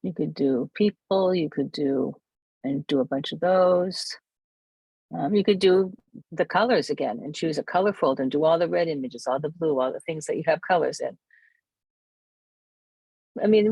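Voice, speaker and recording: A camera club presenter giving a casual software walkthrough, thinking aloud and correcting themselves while demonstrating. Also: medium pitch, normal speed, vocal fry, husky, no echo.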